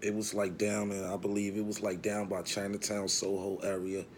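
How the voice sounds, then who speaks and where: A man's voice: lowish voice, completely flat delivery, moderate pace, a little hiss or hum. A man telling a long, rambling, profane story about his past in a casual way.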